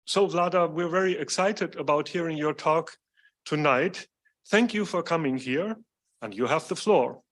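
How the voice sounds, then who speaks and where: Man hosting a lecture, measured. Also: a little high, a bit bright. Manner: measured, scripted welcome. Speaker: lecture series host. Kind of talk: formal introduction. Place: lecture hall.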